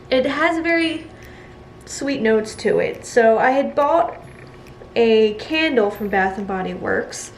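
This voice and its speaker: A woman's voice: fairly high pitch, echoey room, slight background noise, poor audio. A woman chatting casually while making soap, laughing often as she talks. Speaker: soap maker. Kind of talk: casual crafting narration.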